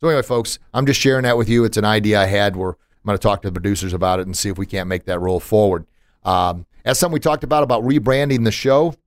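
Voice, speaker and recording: A man's voice: lowish voice, quick pace, no echo, clean studio sound. A man hosting a podcast in casual chat, emphatic and motivational, with punchy asides. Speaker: podcast host.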